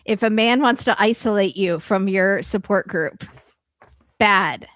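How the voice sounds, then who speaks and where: A woman co-host in casual recap chat, opinionated and quick with quips. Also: mid-range voice, a bit bright, no room sound. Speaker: podcast co-host.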